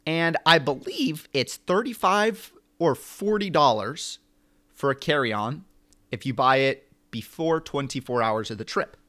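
A young man co-hosting a podcast, telling a long story in an animated, rambling way. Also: fairly high pitch, unhurried. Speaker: podcast co-host. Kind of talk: casual chat.

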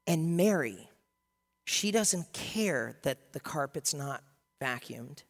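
Lively preaching man in a hall. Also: a little high, slow. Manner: lively, humorous, acts out scenes. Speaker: pastor. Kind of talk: sermon.

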